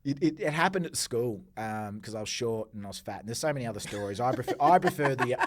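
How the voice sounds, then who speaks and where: An Australian man in his forties talks as an interview guest, spinning stories with lively swings in tone. He throws himself into quoted outbursts and swears freely, at a mid pitch. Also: fast talker. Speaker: podcast guest, entrepreneur. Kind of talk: casual storytelling interview.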